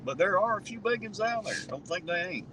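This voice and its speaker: A man's voice: high-pitched, animated, brisk, pushed and bright. A man with a Southern US accent, hosting a casual outdoor chat and telling profane, folksy stories. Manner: folksy and profane, drawling tall tales. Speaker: channel host. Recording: distant mic with noisy outdoor background.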